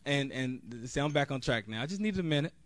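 A man's voice: medium pitch, animated, fast, no room sound, studio quality. A man, a national board member, giving an earnest, direct convention speech off the cuff, with a few restarts. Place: convention hall.

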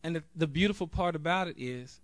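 A man's voice: on the high side, quick pace, no room sound. A man, a national board member, giving an earnest, direct convention speech off the cuff, with a few restarts. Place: convention hall.

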